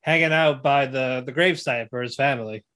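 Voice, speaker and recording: A man of medium pitch, speaking a little quickly, co-hosts a laid-back podcast. His retellings are lively, with characters' lines performed through laughs and frequent fillers and restarts.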